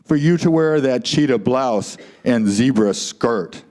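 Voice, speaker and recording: A man's voice: lively intonation, a little mellow, natural voice. A man voicing a smug, earnest young man doll with a put-on masculine voice in a comic puppet show. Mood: lecturing. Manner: deliberately masculine, lowered voice.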